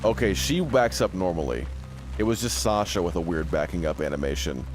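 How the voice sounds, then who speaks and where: A deep-voiced man gives let's-play commentary on a survival horror game, full of sarcastic jokes. He reads on-screen text aloud as he goes. Game music and rain play under his voice. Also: lively intonation, brisk. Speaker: gaming streamer.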